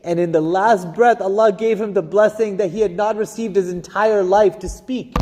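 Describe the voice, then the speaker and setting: A man giving a Friday sermon, preaching with passion, slowing and swelling for emphasis and chanting Arabic phrases. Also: high-pitched, darkish tone. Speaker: imam giving Friday khutbah. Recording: long hall reverb.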